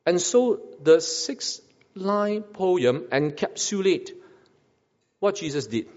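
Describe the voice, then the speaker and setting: A man delivers a sermon, his fairly high voice rising and falling with lively emphasis. He poses rhetorical questions and circles back on his phrases. The sound is a little muffled, with a long hall reverb behind it. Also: slow. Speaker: pastor.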